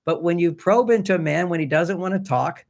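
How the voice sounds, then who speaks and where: Older man, podcast guest, slightly high voice, chatty storytelling, acts out quoted dialogue. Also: fairly quick, vocal fry, darkish tone. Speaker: relationship author and podcast guest. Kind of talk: conversational storytelling.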